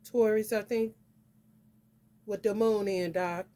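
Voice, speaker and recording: In a relaxed spiritual vlog rant, a northern U.S. woman reads astrology with blunt, foul-mouthed candor and plenty of "honey." She speaks slowly in a mellow, mid-range voice with fairly even intonation.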